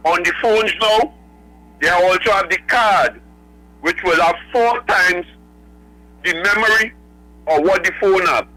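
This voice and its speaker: A man's voice: high voice, unhurried, pauses often, bright, forceful tone, poor audio. A man calling in to a radio show, rambling through numbered points. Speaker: caller. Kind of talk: phone-in call.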